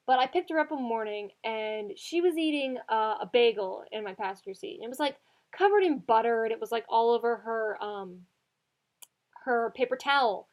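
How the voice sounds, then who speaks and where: A woman's voice: a little high, lively intonation, moderate pace. A young woman telling rambling stories in a casual chat with a friend. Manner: chatty storyteller, rambling tangents. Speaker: co-host.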